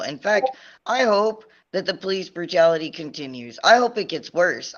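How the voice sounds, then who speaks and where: A man's voice: on the high side, fairly bright tone, dull audio. A man co-hosting a livestream discussion who rants angrily and swears constantly. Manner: angry, ranting, heavy swearing. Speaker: podcast co-host.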